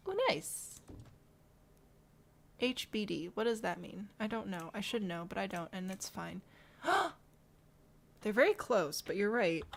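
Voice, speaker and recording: A woman's voice: mid-range voice, animated, a little slow, creaky. Brief: young woman from the Midwest, game streamer, chatty and self-mocking, talks to herself while she builds, keys typing behind. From American Midwest.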